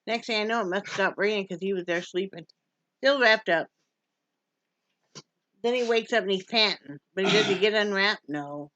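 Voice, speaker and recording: A woman's voice: mid-range voice, moderate pace, long pauses, a bit bright, dry recording. A woman from Wyoming in a casual home vlog, chatty and joking and cooing at her dog. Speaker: vlogger. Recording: dull lo-fi sound.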